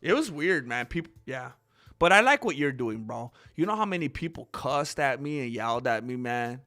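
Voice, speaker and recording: A man's voice: medium pitch, moderate pace. A man hosting a casual livestream, telling stories animatedly with frequent laughter and reading chat aloud. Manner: animated storyteller who laughs often and reads chat. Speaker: channel host.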